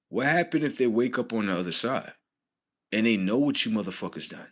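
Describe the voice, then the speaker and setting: A man rambling on a casual livestream, profane and slangy, laughing often and swinging between loud outbursts and low mumbles. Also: expressive, brisk.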